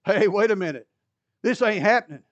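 A preacher acts out an impulsive male disciple who protests in brash, emphatic, casual slang. The voice leaps up high and swings wildly in pitch. It sounds loud and pushy. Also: expressive, a little fast, highs cut off. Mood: protesting.

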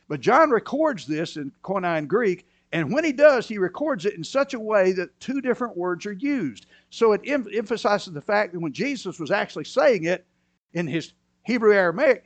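A man preaching a sermon, moving between quiet, low asides and loud, emphatic bursts. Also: dry recording. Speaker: pastor.

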